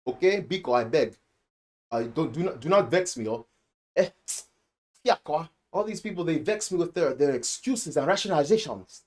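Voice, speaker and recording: A man's voice: on the high side, expressive, moderate pace, close to an everyday voice. A man putting on an exaggerated Nigerian accent to play an exasperated man scolding people. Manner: scolding, emphatic.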